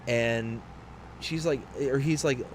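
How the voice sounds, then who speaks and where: A man in his late twenties to early thirties hosts a livestream, telling a rambling, chatty story while streaming a game and frequently restarting. His voice is medium-pitched and slow, with a little hiss or hum.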